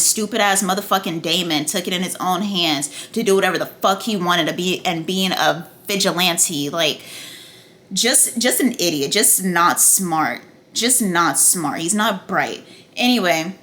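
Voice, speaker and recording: Bright-voiced woman ranting a TV recap. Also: fairly low pitch. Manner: profane, excitable ranting with frequent fillers. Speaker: TV recap vlogger. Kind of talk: casual TV recap and review.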